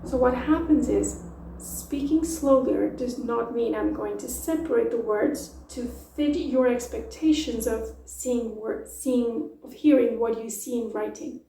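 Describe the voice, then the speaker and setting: Woman teaching with a gravelly voice. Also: a little high, warm tone, roomy sound, recorded from a distance, a little hiss or hum, poor audio. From Portugal. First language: Portuguese. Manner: explanatory, uses metaphors, demonstrates phrases slowly. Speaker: language teacher. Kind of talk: YouTube language lesson.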